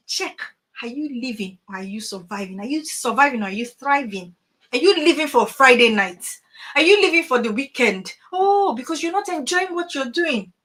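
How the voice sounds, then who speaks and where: Emphatic woman coach. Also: on the high side. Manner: animated, emphatic, rhetorical questions. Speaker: transformational coach. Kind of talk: motivational talk to parents.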